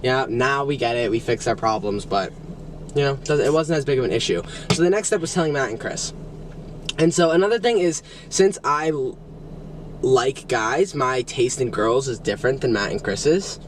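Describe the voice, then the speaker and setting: A man's voice: mid-range voice, normal speed, slight background noise. Young man telling a personal story, hesitant. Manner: relaxed, hesitant, many fillers.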